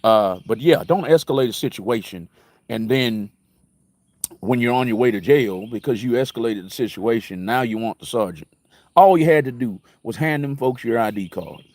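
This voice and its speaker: A man hosting a casual live-stream talk show, telling personal stories in a conversational way, repeating phrases and jumping in pitch for emphasis. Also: animated, normal speed, a little mellow, dry recording. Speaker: internet radio talk host.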